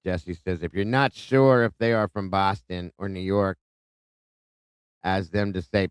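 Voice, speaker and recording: A man's voice: sits low, steady tone, unhurried, clean tone, dry recording. A man hosting a live stream, casually greeting viewers by name and reading their comments aloud. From Ohio. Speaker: livestream host. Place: home in Ohio.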